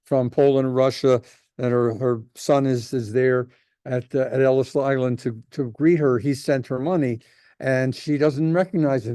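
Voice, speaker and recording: A man's voice: medium pitch, steady tone, normal speed, dark tone, dry recording, studio quality. A man, a rabbi, teaching a casual class, telling jokes and rambling with lots of restarts.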